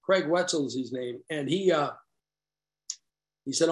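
A man's voice: on the high side, unhurried. A middle-aged man telling his own recovery story to a group in a rambling, conversational way, with self-deprecating, wry asides. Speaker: recovery meeting speaker.

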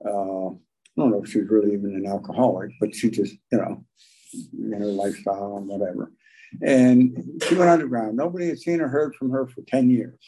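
Older man, recovery meeting share, folksy storyteller, warm mellow voice, pauses often. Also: lowish voice, breathy edge, low-quality recording. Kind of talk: personal recovery talk.

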